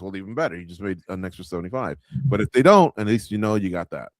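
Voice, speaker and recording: Low-voiced man hosting fight talk. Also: expressive, fast talker, no room sound, studio quality. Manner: conversational, talks to viewers, lots of filler words. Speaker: radio show host. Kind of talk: live fight watch-along commentary.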